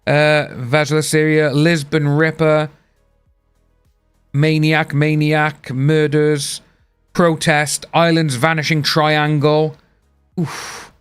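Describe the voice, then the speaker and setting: Male streamer, casual rambling chat, slightly high voice, soft music underneath. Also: flat delivery, slow pace, clear, resonant tone. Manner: rambling, chatty, reads out chat names. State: hiccups. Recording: faint music behind.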